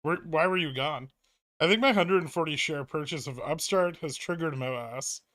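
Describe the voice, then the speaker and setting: A man's voice: on the high side, moderate pace, a bit bright, no room sound. A man hosting a trading livestream, reading viewer messages aloud and answering in a dry, offhand way. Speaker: livestream host. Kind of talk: casual chat reading viewer questions.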